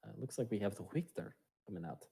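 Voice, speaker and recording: A man's voice: fairly low pitch, big pitch swings, quick pace, creaky, warm tone, husky. A man casting an amateur esports match in a casual, playful way, tossing in jokey quips. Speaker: esports caster.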